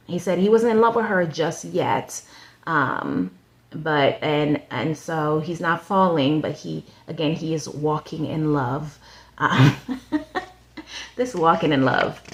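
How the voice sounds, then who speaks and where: A woman's voice: low-pitched, a bit bright. A woman in a casual, chatty show recap who rambles with lots of "um", "like" and "you know", giving her opinions and speaking straight to the people she discusses.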